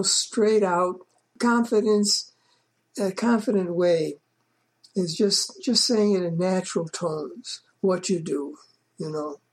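Woman, slightly low voice, informal sales coach who talks loosely and circles back to her points. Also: darkish tone, breathy edge. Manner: conversational, repeats points, many "you know" fillers.

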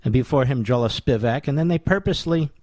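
A man's voice: medium pitch, brisk, a little mellow, dry recording. A man hosting a talk radio show, delivering a sarcastic, combative monologue full of scornful rhetorical questions and asides to his producer. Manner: addresses his producer on air.

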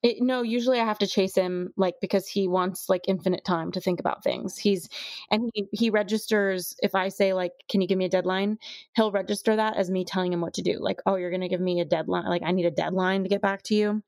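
A woman's voice: mid-range voice, steady tone, a little fast, darkish tone, no echo. A woman podcast host in casual chat, talking loosely with many fillers.

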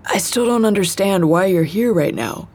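A woman's voice: mid-range voice, lively intonation, normal speed, a little mellow, husky. A woman reading the part of a groggy, sarcastic young man just woken up. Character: grumpy sleepy young man, Kevin.

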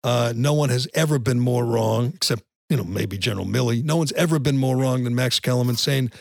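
A podcast host rants bluntly about sports, offering opinionated takes and often restarting by repeating words at the start of sentences. He talks briskly in a medium-pitched voice with vocal fry, and the recording is dry.

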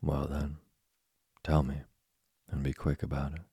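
A man with a husky, gravelly voice reading the lines of a cheeky, rebellious wooden puppet boy in an audiobook. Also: very deep voice, completely flat delivery, unhurried, mellow, dry recording, clean studio sound, full character voice. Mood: defiant. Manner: impatient and defiant.

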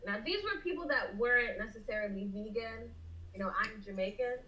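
A woman's voice: medium pitch, fast talker. A woman from South Florida, a small business owner, telling her story as a podcast guest and acting out quoted voices. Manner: animated, acts out quotes. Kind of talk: interview storytelling. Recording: echoey room with faint noise.

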